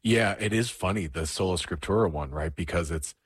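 A man's voice: low-pitched, a little fast, slightly rough, no room sound, studio quality. A man hosting a casual interview, asking thoughtful questions and affirming his guest. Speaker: host.

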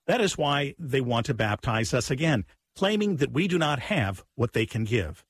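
Husky-voiced man reading in a dry room. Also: medium pitch, lively intonation, dry recording. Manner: earnest, measured reading. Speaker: liturgical reader. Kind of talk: reading a patristic text.

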